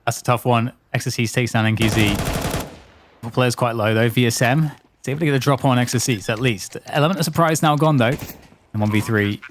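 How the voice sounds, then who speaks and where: Dude calling esports plays, short punchy lines, mid pitch, faint noise under it. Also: male voice. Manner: quick, clipped play-by-play calls. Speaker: esports commentator. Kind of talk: play-by-play commentary.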